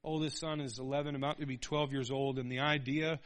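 A man in his thirties preaching a sermon, animated, calling out for amens and acting out little voices. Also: medium pitch, fairly quick. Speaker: pastor.

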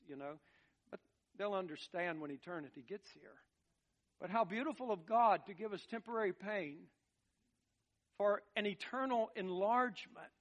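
A man preaching a sermon as pastor, moving between quiet, reflective passages and loud, emphatic declarations, often repeating words as he builds a point. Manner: swings from soft, low musing to loud, emphatic preaching.

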